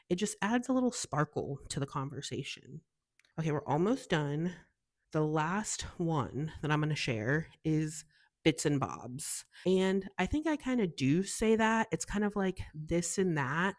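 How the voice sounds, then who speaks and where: A young woman from the US talks in a casual, gushing way on her own show. Her voice sits low for a woman, and she sounds bubbly and chatty throughout. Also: a little mellow. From United States. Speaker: podcast host. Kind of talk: casual solo chat.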